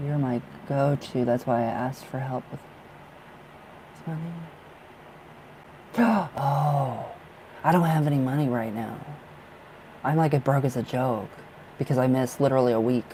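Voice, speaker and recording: A man giving a live tarot reading in a medium-pitched voice, neither high nor low. He talks in gushing, restless bursts and keeps breaking off and restarting. A faint hum of noise sits under his voice. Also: rough recording. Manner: excitable, rambling, emotional; thinks aloud with many restarts and fillers. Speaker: tarot reader.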